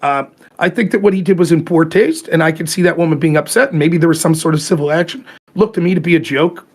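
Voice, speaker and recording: A man hosting his own talk show, ranting heatedly about politics with plenty of swearing and mocking asides. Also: on the high side. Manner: profane, fired-up, talks in rapid bursts and mimics opponents. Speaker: show host.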